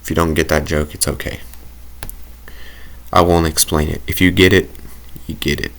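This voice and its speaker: Deep-voiced man rambling over gameplay. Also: flat delivery, normal speed, fairly bright tone. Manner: rambling, self-deprecating, thinking aloud. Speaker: gaming commentator. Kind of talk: casual gameplay commentary.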